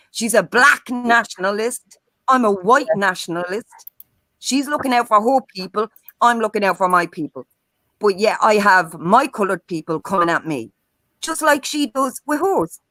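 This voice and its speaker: A woman's voice: medium pitch, lively intonation, moderate pace, a bit bright, no echo, poor audio. A woman on a live-stream panel, talking bluntly and heatedly and swearing often. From Ireland.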